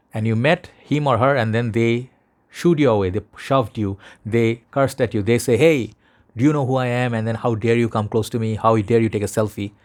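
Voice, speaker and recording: A man's voice: fairly low pitch, a little mellow. A man with a Bangladeshi accent, talking casually to camera as a fragrance vlogger in an earnest, rambling way, speaking to his viewers like brothers.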